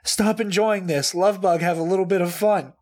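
A man casually reading out reaction notes. He is animated and swears a lot, often breaking into laughter. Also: sits high, normal speed. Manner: animated, profane, frequent laughter. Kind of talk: casual comedic chat.

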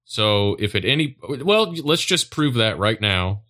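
A man hosts a comedy podcast with a slightly low yet bright, forceful voice. He keeps things loose and joking and laughs easily. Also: sing-song, unhurried. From East Tennessee. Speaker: podcast host. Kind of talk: casual comedic chat.

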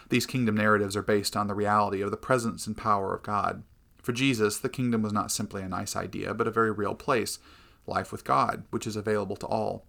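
Guy with a low gravelly voice reading a faith book, measured and earnest. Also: steady tone, fairly bright tone. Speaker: narrator of a Christian book. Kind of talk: scripted narration of a devotional book.

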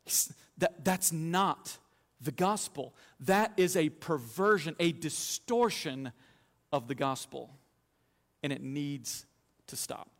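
A man in his thirties, a pastor, preaching a sermon and telling animated stories with humor. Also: fairly high pitch, slow, vocal fry, in a large hall.

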